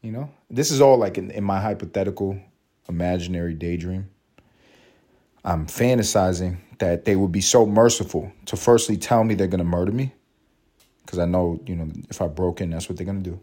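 A man's voice: low voice, fairly quick, dark tone. A young man hosting a casual solo podcast, rambling and swearing freely, laughing often. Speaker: podcast host.

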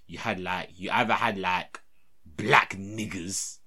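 A man's voice: low voice, takes it slowly, sharp tone. A young man, telling a story in casual, slangy, rambling podcast chat. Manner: rambling, slangy, often dropping to a mutter.

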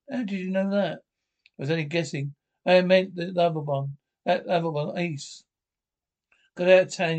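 Men acting out quick, bickering dialogue from a British TV sitcom. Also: male voice, high voice. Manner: bickering, quick comic banter.

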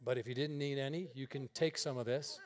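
A man's voice: mid-range voice, fairly even intonation, brisk. A male pastor preaching a storytelling sermon to a congregation, folksy and joking, acting out the dialogue. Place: church meeting room.

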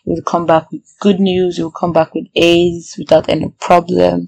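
A young adult woman, a PhD student and podcaster, talking in a casual video diary. She sounds anxious and excitable and often breaks into prayerful exclamations. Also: lowish voice, a little slow, creaky, a little hiss or hum, rough recording.

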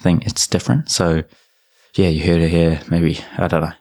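A man's voice: low-pitched, little pitch movement, moderate pace, darkish tone. A young man with a New Zealand accent hosting a podcast, chatting casually in a rambling way with many fillers and restarts. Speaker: podcast host. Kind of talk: casual chat.

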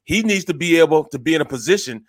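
Emphatic, higher-voiced sports radio host. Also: male voice, expressive, fast talker, no echo, clean studio sound. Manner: emphatic, repeats phrases, says "man" often. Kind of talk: casual sports talk.

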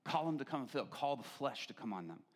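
A man voicing God in a vision, giving slow, measured commands. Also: mid-range voice, very animated, pitched below the performer's own voice. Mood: commanding.

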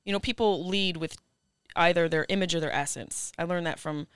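A woman's voice: lowish voice, a little fast, fairly bright tone, clean tone, no room sound, clean studio sound. A woman guest on a podcast, talking in an earnest, reflective and emphatic way. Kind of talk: casual chat.

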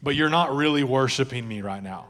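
A male pastor voicing God as a patient, frank, gently teasing male figure in a sermon. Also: mid-range voice, a little fast, long reverb tail, lightly acted. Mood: coaxing.

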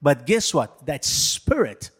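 A male pastor preaching a sermon in an animated, jokey way, addressing the congregation. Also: fairly high pitch, slow pace, breathy edge, long reverb tail.

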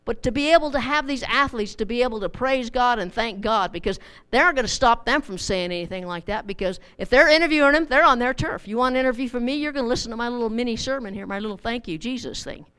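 Middle-aged lady teaching bible study, chatty, repeats herself, smooth clear voice kinda high. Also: quick pace, fairly bright tone.

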